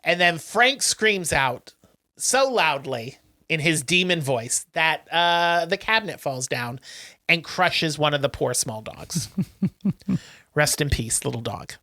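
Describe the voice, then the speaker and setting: Bright-voiced man recapping a movie. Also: on the high side, takes it slowly. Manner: animated storyteller, acts out lines, many "um"s. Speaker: podcast co-host. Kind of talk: casual chat, recapping a movie plot.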